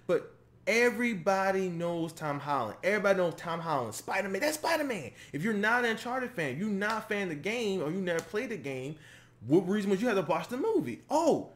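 Hyped young guy rambling through a reaction vid, high-ish voice, super animated. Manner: excitable, rambling, quick laughs and restarts. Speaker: YouTube reaction host. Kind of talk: casual reaction commentary.

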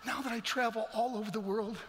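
Emphatic speaker in a reverberant hall. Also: male voice, high voice, fairly even intonation, quick pace, a bit bright. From New York. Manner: dramatic, emphatic storytelling with acted quotes. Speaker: guest speaker. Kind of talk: motivational testimony. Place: large church hall.

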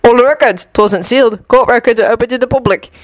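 Woman doing a gossipy snorty wizard bartender, high-ish voice. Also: quick pace, no echo, lightly acted. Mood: indignant. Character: male wizard barman, gossipy and knowing.

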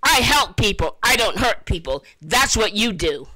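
A woman's voice: mid-range voice, big pitch swings, moderate pace, sharp tone, low-quality recording. A woman confronting a scammer over the phone, taunting and insulting him with scorn.

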